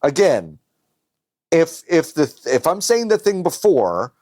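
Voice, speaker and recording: Brief: lively, expressive man in casual podcast banter, dry close sound. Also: fairly high pitch, takes it slowly, dry recording. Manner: animated, swearing, acts out voices. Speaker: podcast co-host. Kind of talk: casual chat.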